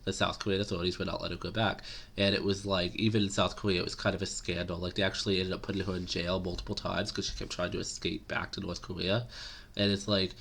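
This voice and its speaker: A man's voice: sits low, level tone, fast talker, creaky, fairly bright tone, slight background noise. A man giving casual political commentary to camera, rambling and opinionated with many fillers.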